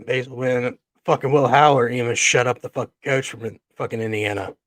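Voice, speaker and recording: A man's voice: mid-range voice, fairly even intonation, brisk, a bit bright, no room sound. A man co-hosting a podcast, ranting bluntly in casual chat and swearing freely. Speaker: podcast co-host.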